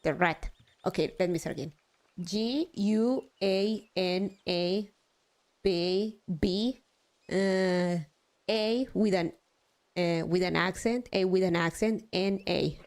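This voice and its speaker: A woman's voice: medium pitch, slow, a little mellow. A young adult woman live streaming, chatting casually, swearing now and then and poking fun at herself. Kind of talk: casual chat while gaming.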